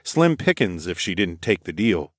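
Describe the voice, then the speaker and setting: Male narrator, low register, steady first-person storytelling, close dry mic. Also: normal speed, no room sound. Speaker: audiobook narrator.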